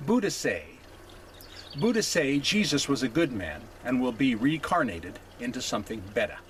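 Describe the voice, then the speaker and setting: A man puts on a Buddhist missionary with a strong Hawaiian accent. The missionary speaks in short, clipped phrases and repeats himself. His voice sits at an ordinary middle pitch. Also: big pitch swings, normal speed, slight background noise, close to an everyday voice. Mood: questioning.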